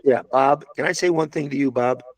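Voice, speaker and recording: Here the same interviewee speaks fairly quickly at a medium pitch, again recorded dry. He's an older man recalling his time in restaurants, a meandering storyteller whose talk is full of false starts and side remarks.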